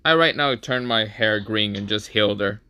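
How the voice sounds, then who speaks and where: A man's voice: on the low side, moderate pace, bright, forceful tone, a little hiss or hum. A man casually narrating his part of a role-play story, laid-back and swearing offhandedly. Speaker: co-storyteller in a collab.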